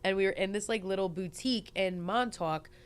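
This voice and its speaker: A woman's voice: mid-range voice, a little fast, clean tone. A young woman hosting a podcast, telling rambling stories and swearing often in casual chat. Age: young adult. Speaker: podcast host.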